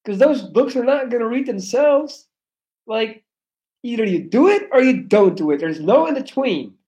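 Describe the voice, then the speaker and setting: A man's voice: very high-pitched, expressive, moderate pace, mellow, low-quality recording. A young man with a non-native English accent, reading chat on a casual livestream, blunt, profane and joking. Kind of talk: casual live-stream chat.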